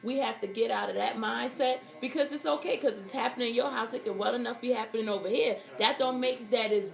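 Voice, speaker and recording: A woman's voice: fairly high pitch, fast, vocal fry, echoey room. A woman guest in a podcast chat, talking earnestly and reflectively about marriage. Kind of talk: casual chat.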